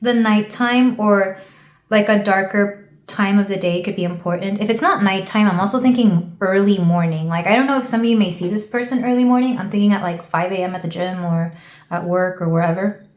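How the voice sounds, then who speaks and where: A woman from the United States talks through a casual tarot reading in a middle-pitched voice. She rambles and thinks aloud, leaning on soft fillers as she goes. The room gives her voice a noticeable echo. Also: steady tone, fairly quick. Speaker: tarot reader.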